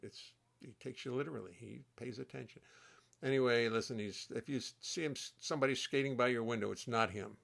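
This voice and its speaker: This is an older man hosting a relaxed livestream from his home studio. His voice has a gravelly, fry-edged texture, and he rambles warmly from one story to the next. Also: medium pitch, brisk. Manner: rambling, chatty, warm-hearted storytelling. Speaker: host and bassist. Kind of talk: casual livestream chat.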